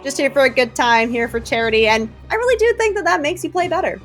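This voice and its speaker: High-voiced upbeat woman caster. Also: animated, fast, fairly bright tone, soft background music. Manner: upbeat, enthusiastic. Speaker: esports caster. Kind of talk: live game commentary.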